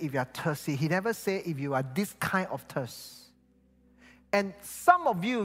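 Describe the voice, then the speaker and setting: Malaysian guy preaching, kinda high voice, big echoey church, soft music in the back. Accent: Malaysian English. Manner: animated storytelling, acting out quoted voices. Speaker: pastor. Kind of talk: sermon. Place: church hall. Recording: reverberant hall with faint music behind.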